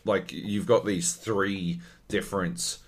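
A man's voice: deep voice, fairly even intonation, slow. A man co-hosting a gaming podcast in casual chat, ranting animatedly with lots of swearing. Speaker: podcast co-host.

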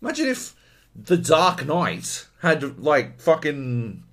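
A man's voice: a little high, huge pitch swings, slow pace, fairly bright tone. A man co-hosting a gaming podcast in casual chat, ranting animatedly with lots of swearing. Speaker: podcast co-host.

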